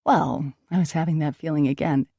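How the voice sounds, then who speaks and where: A woman narrating an audiobook in the first person, with steady, reflective storytelling. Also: sits low, fairly quick, vocal fry, no room sound, clean studio sound.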